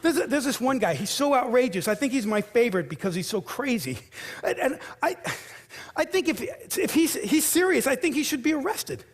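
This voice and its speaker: A man delivering a confessional, halting monologue on stage in a one-man musical, often stammering as he restarts his sentences. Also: very high-pitched, very animated, slightly rough. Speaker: solo stage performer.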